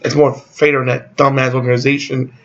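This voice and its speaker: A man's voice: mid-range voice, little pitch movement, a little fast, a bit bright. Blunt, rambling man on a dull, lo-fi mic. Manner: rambling, blunt and profane, with sarcastic asides. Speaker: YouTube channel host. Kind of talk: casual opinion vlog.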